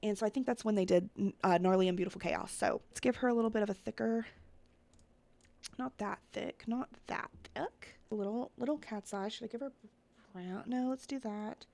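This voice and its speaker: A woman's voice: mid-range voice, normal speed, vocal fry, a little mellow. A woman giving casual, chatty commentary as she builds characters in a life-sim game, thinking aloud and often talking straight to her viewers. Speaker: Sims content creator.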